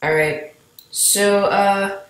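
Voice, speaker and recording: A woman's voice: medium pitch, fairly even intonation, extremely slow. A woman giving casual, rambling commentary while playing a game and talking to her viewers. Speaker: gameplay commentator. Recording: echoey room.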